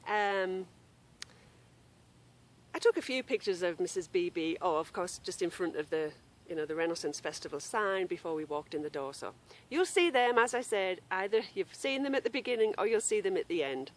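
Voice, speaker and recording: A woman's voice: on the low side, lively intonation, normal speed. Chatty woman podcasting outdoors. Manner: chatty and apologetic, breaking off to call a wandering dog. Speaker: knitting podcast host. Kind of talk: casual chatty vlog. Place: outdoors in a grassy yard.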